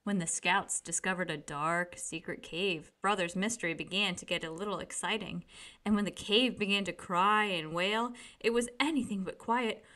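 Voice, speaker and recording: A woman reading a children's picture book aloud with gentle, expressive storytelling. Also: mid-range voice, normal speed.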